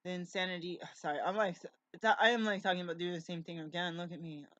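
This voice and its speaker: A woman's voice: lowish voice, steady tone, quick pace, fairly bright tone, no room sound. A middle-aged woman vlogs from home in a loose, rambling monologue. She drifts from one tangent to the next and often restarts her words. The sound is dry and slightly dull, like a lo-fi home recording. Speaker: vlogger.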